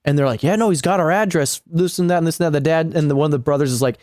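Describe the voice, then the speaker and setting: A man's voice: a little high, very fast, a little mellow, no room sound, studio quality. A man co-hosting a podcast, casually recapping an internet mystery in a rambling way with frequent swearing and fillers. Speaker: podcast co-host.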